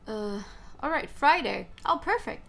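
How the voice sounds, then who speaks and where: A woman's voice: a little high, lively intonation, a little slow, gravelly, fairly bright tone. Chatty woman streamer reacting. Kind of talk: reading a game aloud with commentary.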